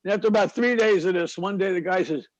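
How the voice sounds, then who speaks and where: A man telling a string of jokes, switching into quick character voices and laughing at his own punchlines. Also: sits high, dull audio, slight background noise. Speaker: stand-up comedian. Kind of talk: joke telling.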